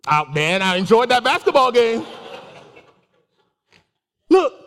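High-voiced man preaching in a reverberant hall. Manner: animated, laughs often, exclaims. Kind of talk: casual sermon with personal stories.

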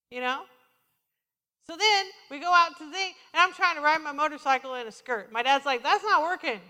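A woman's voice: high voice, a little fast, long reverb tail. A woman preaching a sermon in a church, telling personal stories and acting out what people said to her. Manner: animated storytelling, quoting herself and others. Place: church sanctuary.

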